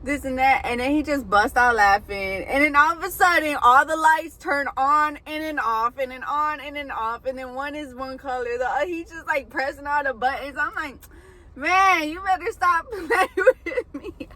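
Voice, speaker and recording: Woman, casual storytelling, animated, chatty, bright voice, slightly high. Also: moderate pace, hardly any pauses, low-quality recording. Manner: animated, chatty, many fillers. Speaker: hairbraider and food vlogger. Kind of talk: casual storytelling while eating.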